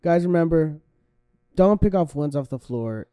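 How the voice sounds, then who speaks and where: A man's voice: on the high side, expressive, unhurried, dark tone, clear, resonant tone, dry recording, clean studio sound. A man co-hosting a comedy podcast in casual chat, laughing often and stumbling over his words as he asks questions. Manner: giggly, stammering, asks lots of questions. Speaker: podcast co-host.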